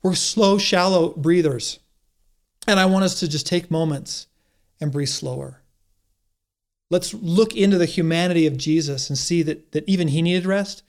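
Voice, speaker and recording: Earnest high-voiced male pastor. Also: normal speed. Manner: earnest, encouraging, with frequent restarts. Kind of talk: sermon.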